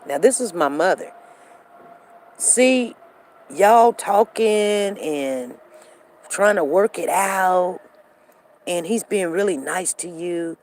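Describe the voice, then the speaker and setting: A woman in her fifties hosting a live show, animated and acting out the other people's lines as she tells a story to her viewers. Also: fairly low pitch, takes it slowly, long pauses, low-quality recording.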